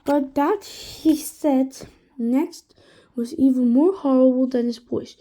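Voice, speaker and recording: Slow, mellow woman reading a storybook. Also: high voice. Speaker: reader. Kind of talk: reading a children's chapter book aloud.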